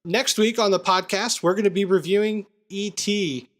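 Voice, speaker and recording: This male podcast co-host has a high voice, normal speed, and fairly level intonation. He casually chats about movies with his co-host, recapping scenes and acting out memorable quotes.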